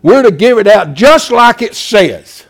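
A male preacher giving a fiery sermon, swinging from loud, emphatic urging to quiet pleading and dropping in "bless God" as he goes. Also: high-pitched, very animated, unhurried. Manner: repeats "bless God" as a filler.

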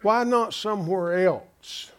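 A man's voice: sits high, slow, clean tone. A pastor preaching in an emphatic, folksy way, asking his congregation rhetorical questions. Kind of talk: sermon.

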